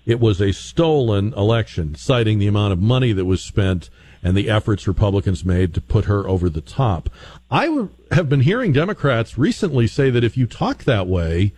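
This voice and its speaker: A man hosting a radio talk show, asking measured questions that he builds up at length. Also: fairly low pitch, mellow, breathy edge. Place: radio studio.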